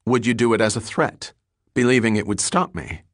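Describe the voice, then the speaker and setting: A man's voice: mid-range voice, normal speed, no room sound, studio quality, natural voice. A man voicing a grim, cold-eyed detective who speaks bluntly.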